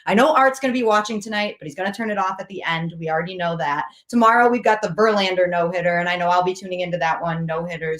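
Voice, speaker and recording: A woman's voice: lowish voice, quick pace, few pauses, fairly bright tone. A woman hosting a casual sports talk show, upbeat as she wraps up with promotions. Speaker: host.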